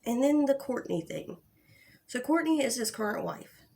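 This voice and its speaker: A woman's voice: fairly high pitch, lively intonation, moderate pace, creaky, mellow. A young woman hosting a casual livestream about online drama, talking bluntly with plenty of swearing and restarts. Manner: blunt and profane, with frequent restarts. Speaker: drama commentary host.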